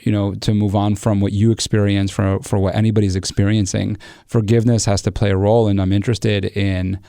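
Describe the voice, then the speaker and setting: A man's voice: lowish voice, vocal fry, mellow, no echo, studio quality. A man hosting a podcast, reflective, thinking aloud as he talks through ideas. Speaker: podcast host. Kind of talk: conversational interview.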